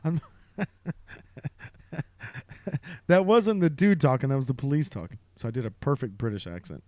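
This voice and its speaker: A man's voice: medium pitch, sing-song, moderate pace, darkish tone, no echo. A man reading a news story aloud in casual chat, laughing often and mocking how the article is written. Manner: laughs often and breaks off to mock the article's writing. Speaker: podcast co-host.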